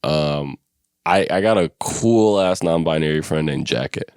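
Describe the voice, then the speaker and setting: Deep-voiced slangy man, dry sound. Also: measured pace, clear, resonant tone, no echo. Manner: playful, slangy, excitable. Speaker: podcast co-host. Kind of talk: casual comedic chat.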